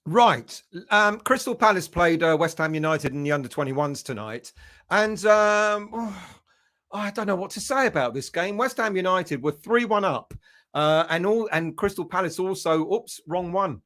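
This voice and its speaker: A man's voice: high voice, lively intonation, measured pace, fairly bright tone. A man hosting a football fan livestream, rambling and chatty as he greets viewers by name. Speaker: fan channel host. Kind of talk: casual livestream chat.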